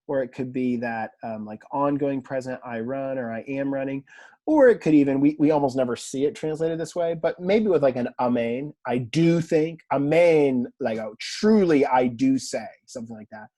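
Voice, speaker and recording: A man teaching a language class in a relaxed lecture style, chatty and self-deprecating, often quizzing his students. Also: medium pitch, moderate pace. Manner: conversational, self-deprecating, asks the class questions. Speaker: Greek teacher.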